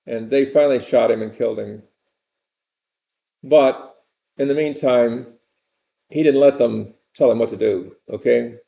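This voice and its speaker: A man's voice: medium pitch, a little slow, gravelly, long pauses, mellow, dull audio. An older man giving a rambling, conversational university lecture and repeating his phrases.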